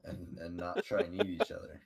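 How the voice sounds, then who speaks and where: A man's voice: sits low, level tone, brisk, vocal fry, a crowd in the background. A man playing a tabletop game, chatting in a friendly, upbeat way. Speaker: player.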